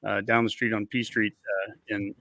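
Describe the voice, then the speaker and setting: A man's voice: fairly low pitch, level tone, moderate pace, bright, forceful tone, dry recording. A man hosting a casual sports podcast with easygoing chat and sponsor plugs. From Nebraska. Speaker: podcast host.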